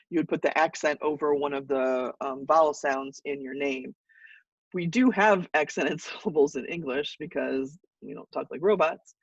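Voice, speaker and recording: A fairly high-pitched man lecturing to a class, easygoing and loose, with plenty of ums and restarts. He sounds set back from the mic, and the sound is muffled and dull. The room is dry. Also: no echo, recorded from a distance. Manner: relaxed explaining with fillers and restarts. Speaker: college English teacher.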